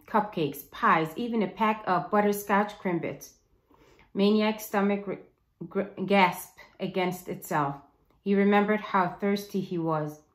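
Slow-reading woman teacher, roomy sound. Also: medium pitch. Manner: slow, expressive storytelling. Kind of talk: reading a novel aloud.

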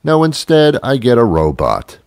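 A man's voice: medium pitch, huge pitch swings, unhurried, darkish tone, no echo. A man hosting a comedy show, delivering an exasperated, sarcastic rant in a dry close recording. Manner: exasperated, sarcastic, mimics voices. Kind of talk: comic rant monologue.

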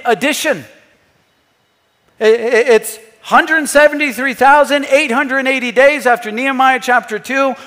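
A male pastor preaching a sermon, emphatic, dropping to a hush and then rising to loud. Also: extremely high pitch, in a large hall. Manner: emphatic, swings between hushed and loud, acts out scripture quotes. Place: church.

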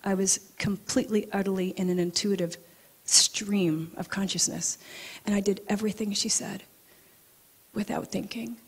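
A woman who practises acupuncture gives a talk, telling a personal story in a lively, animated way. She laughs easily and sometimes drops to a soft, hushed tone for emphasis. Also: mid-range voice, normal speed, husky.

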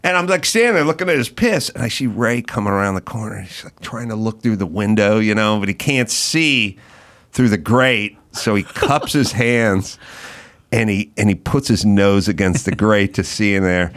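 A man's voice: lowish voice, expressive, normal speed, a bit bright. A middle-aged man hosting a podcast, telling rambling, profane stories with mock outrage in a casual chat. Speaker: podcast host.

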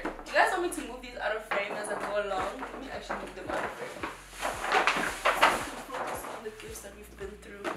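A woman's voice: a little high, brisk, heavy background noise. Gushing young woman vlogging. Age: 20s. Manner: gushing and effusive, chatty fillers. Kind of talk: casual unboxing chat. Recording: echoey room with background music.

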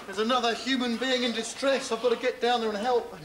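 A man's voice: very high-pitched, fairly even intonation, quick pace. An actor playing a cowardly young man who frets and dithers, talking to himself. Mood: fretful. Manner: fretful, self-talking, dithering. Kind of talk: comic monologue. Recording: echoey room, loud broadcast hiss.

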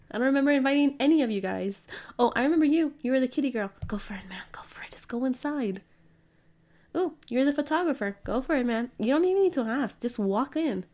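Female let's-player, bright and high, chatty and giggly, reads game dialogue aloud. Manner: playful, giggly, reads character lines in her own voice. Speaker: gaming streamer. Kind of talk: casual let's-play commentary, reading game dialogue aloud.

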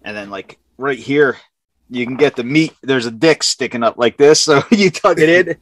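A man's voice: medium pitch, normal speed, a bit bright. A man co-hosting a podcast, joking crudely and laughing a lot in casual banter. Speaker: podcast co-host.

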